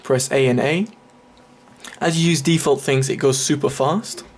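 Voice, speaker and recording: A man talks through a video game guide in a relaxed, chatty way, stopping often with "um" and "uh" as he clicks through menus. His voice sits at an ordinary middle pitch, heard through a desk microphone over game capture. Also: normal speed, a little hiss or hum. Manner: chatty, explains step by step with fillers. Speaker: gaming video creator. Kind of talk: casual game walkthrough commentary.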